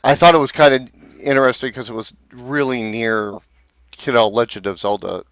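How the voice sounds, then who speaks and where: A man's voice: medium pitch, moderate pace, a bit bright. A man in casual podcast chat, picking apart movie theories with frequent restarts and self-corrections. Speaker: podcast co-host. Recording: dry, muffled lo-fi audio.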